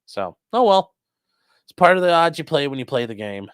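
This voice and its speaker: A man's voice: fairly high pitch, big pitch swings, normal speed, clear, resonant tone, dry recording. Blunt, profane man hosting a livestream. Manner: blunt, profane, rambling with many fillers. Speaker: livestream host reading chat. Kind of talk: casual livestream commentary.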